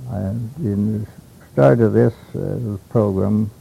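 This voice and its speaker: An older man from Alaska recalling old stories in a rambling, halting way, with many hesitations and chuckles, on a dull lo-fi tape. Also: fairly low pitch, gravelly, husky. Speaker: interviewee. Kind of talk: oral history reminiscence.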